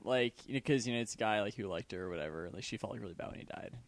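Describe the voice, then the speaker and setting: A man's voice: on the low side, rapid-fire. A man co-hosting a casual podcast chat, talking loosely with lots of fillers and frequent laughter. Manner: chatty, laughs often, many fillers. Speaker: podcast co-host.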